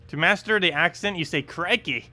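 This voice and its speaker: A young American man with a New Jersey accent rambles through casual live commentary while streaming a game, full of ums and uhs and chuckling at himself. His mid-range voice is a bit bright and moves at normal speed, with faint music in the background.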